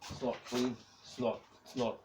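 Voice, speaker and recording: A man's voice: medium pitch, little pitch movement, normal speed, darkish tone. A man in his forties who rambles and swears heavily in a casual rant as a YouTuber, often breaking into laughs. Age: 40s. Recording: distant mic with faint background noise.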